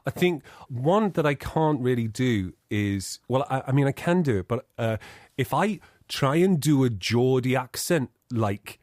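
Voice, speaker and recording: A relaxed man hosting a comedy podcast, chatting casually and chuckling often. His pitch moves around expressively, and the recording is close and dry with no room echo. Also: a little slow. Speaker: podcast host. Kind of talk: casual chat.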